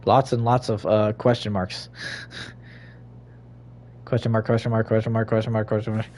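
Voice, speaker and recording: A man giving casual, swear-filled commentary while he plays a game, talking to himself, laughing and breaking into sudden loud outbursts. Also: on the low side, flat delivery, moderate pace, slight background noise. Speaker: gaming streamer.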